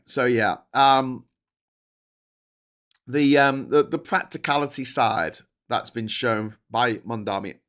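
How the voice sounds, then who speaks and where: A man's voice: medium pitch, a bit bright. A man hosting a livestream of political commentary, rambling and sweary, with sarcastic asides. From England.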